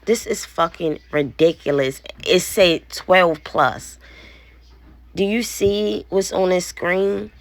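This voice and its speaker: A woman in her thirties, a mother vlogging in a blunt, indignant manner and swearing now and then. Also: lowish voice. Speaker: parent vlogger. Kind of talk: casual vlog, showing a phone.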